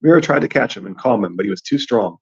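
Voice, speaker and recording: A man's voice: fairly low pitch, animated, quick pace, darkish tone, breathy edge. A man reading a novel aloud expressively, with his own commentary in between. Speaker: audiobook reader and theory commentator. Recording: dull lo-fi recording.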